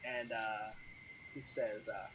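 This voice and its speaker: A man narrating a tabletop game as game master in a relaxed way, with frequent ums and uhs. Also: on the low side, slow, background noise. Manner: relaxed, many fillers.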